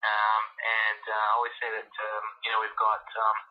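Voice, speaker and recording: A man's voice: lowish voice, monotone, normal speed, soft background music. A man in his forties telling his story in an interview, rambling with many ums and uhs. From Canada. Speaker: ice hockey league commissioner, interview guest. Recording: tinny phone line.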